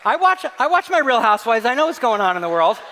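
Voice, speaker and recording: A man giving a keynote talk to staff, telling a comic story in an animated, playful, mock-outraged way. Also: extremely high pitch, quick pace, some chatter behind, a little hiss or hum. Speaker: keynote speaker. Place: large hall. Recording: long reverb of a large hall.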